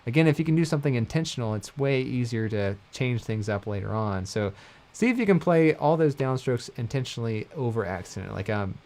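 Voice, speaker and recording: A man giving a casual livestream mandolin lesson, talking in a relaxed, rambling way and correcting himself often. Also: medium pitch, a little fast. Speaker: mandolin teacher. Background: mandolin playing between phrases.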